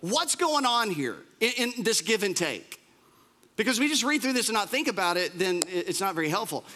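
A male pastor preaching a sermon in an animated, conversational way, with humorous asides. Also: high-pitched, moderate pace.

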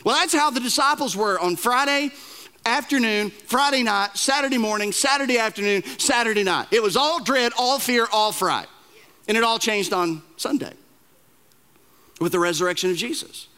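A male pastor delivers a sermon in a loose, storytelling way, joking at his own expense. He stumbles into his sentences, repeating the first words before he finds his point. His voice sits high and sounds bright and forward. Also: smooth. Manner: conversational storytelling with self-deprecating humor; halting, repeats words when starting sentences.

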